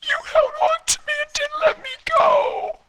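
A man imitating his frail wife, just out of a coma, in a small, tearful, high voice. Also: level tone, moderate pace, vocal fry, pushed and bright, raised voice, slight background noise, heavily acted.

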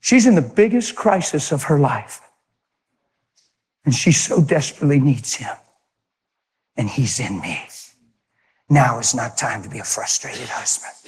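A man preaching a sermon, telling a personal story and acting out the voices of people in it, shifting between forceful delivery and hushed tones. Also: medium pitch, animated, measured pace, long pauses, breathy edge, big-room sound. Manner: acts out dialogue, swings from loud to hushed.

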